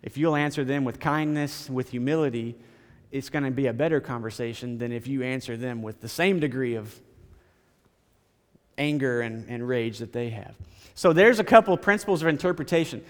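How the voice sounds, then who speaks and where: A man's voice: mid-range voice, normal speed, in a large hall. A man preaching a sermon as pastor, in a conversational style, repeating phrases and stammering now and then.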